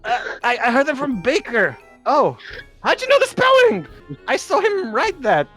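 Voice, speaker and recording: A man voicing a sly male goblin with theatrical, drawn-out exclamations in an online tabletop game. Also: very high voice, big pitch swings, fairly bright tone, soft background music, voice pushed up, heavily acted. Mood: curious. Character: sly male goblin, proud then vengeful. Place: online game session over voice chat.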